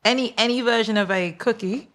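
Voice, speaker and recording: A woman in her forties with a London accent chats casually as a podcast guest. She talks in an animated way, laughs often and switches into high voices to quote people. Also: fairly quick. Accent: London English. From London, England. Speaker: guest singer.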